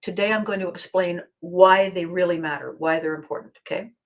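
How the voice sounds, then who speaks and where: Older woman host, solo monologue, circles the point, earnest and emotional. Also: lowish voice. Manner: rambling, emotional, with frequent laughs and pauses. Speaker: podcast host. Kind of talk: personal monologue.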